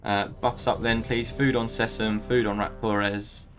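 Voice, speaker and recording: A man leading a game raid over voice chat, calm and organizing, with polite fillers. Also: on the low side, a little slow, soft background music. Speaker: raid leader. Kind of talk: casual voice chat.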